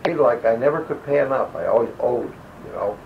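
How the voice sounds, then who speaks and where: An older man with a gravelly, medium-pitched voice speaks fairly quickly, telling rambling wartime stories in an oral-history interview. The army veteran drifts loosely from point to point and acts out the voices of the people he quotes. It was captured on a home audio recorder, and the old lo-fi tape carries a faint hiss.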